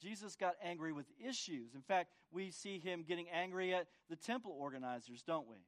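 A man's voice: sits high, animated, a little fast. A man preaching a sermon as pastor, often asking the congregation for agreement and repeating words as he restarts. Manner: asks the congregation for agreement with tag questions.

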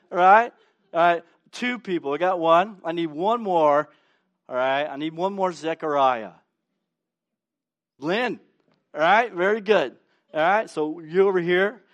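A male pastor delivers a sermon in a church sanctuary, his voice sitting high. He keeps it playful, slipping into the voices of the story's characters and chatting with the congregation.

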